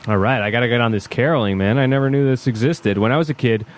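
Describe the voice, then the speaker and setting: A man hosting a casual podcast chat, relaxed and rambling as he talks. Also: mid-range voice, fast.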